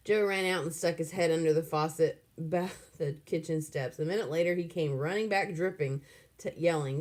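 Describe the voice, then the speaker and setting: A woman narrating a children's novel aloud in an expressive, animated way. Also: low-pitched, normal speed.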